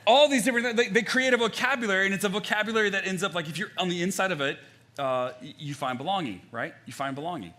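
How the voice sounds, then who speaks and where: A young adult man preaching a sermon as pastor, conversational and animated, with frequent fillers and restarts. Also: sits high.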